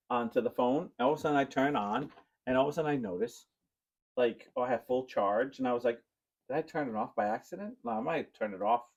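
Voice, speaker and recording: A man co-hosting a podcast, telling a long story in casual chat and now and then breaking into high squeals. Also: darkish tone, lo-fi sound. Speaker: podcast co-host.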